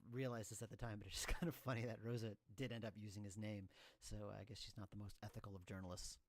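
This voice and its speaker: A man giving developer commentary over his game, talking in a relaxed, rambling way with many fillers. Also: fairly low pitch.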